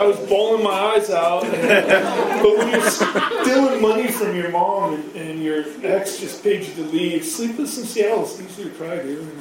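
A man in his thirties tells his story in a rambling, self-mocking way, swearing freely. His voice sits high for a man. It reaches the mic from a distance in a hall with heavy echo, with faint noise behind. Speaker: speaker sharing his recovery story. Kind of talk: personal storytelling. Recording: very echoey hall, from far off.

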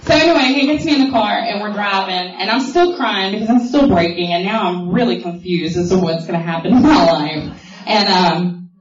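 A woman's voice: medium pitch, fairly quick. A woman shares her personal story as a testimony at a meeting. She talks in a storytelling way with lots of fillers and mimics the people in it. She is heard from a distance in a reverberant hall, and the sound is muffled. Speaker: speaker sharing a recovery story. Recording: echoey hall from far off, dull.

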